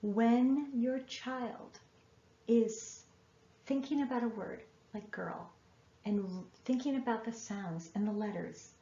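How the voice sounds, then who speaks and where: Woman educator with a raised, gravelly voice giving earnest, emphatic masterclass advice in a dull, roomy recording. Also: a little high, slow, warm tone. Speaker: writing educator. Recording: echoey room, dull lo-fi sound.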